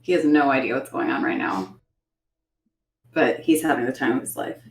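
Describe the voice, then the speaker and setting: A woman's voice: very deep voice, normal speed, reverberant, a little hiss or hum. A woman guest in a casual livestream chat, giggly and rambling, swearing now and then.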